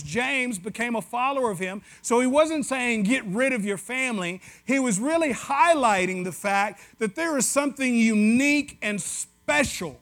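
A pastor with a West Tennessee Southern accent preaches a sermon in a conversational, joking style, tossing asides to his congregation. His voice is extremely high and a bit bright.

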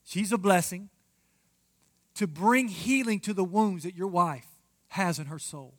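A man's voice: high-pitched, measured pace. A man preaching a marriage sermon as pastor, emphatic and addressing the congregation directly.

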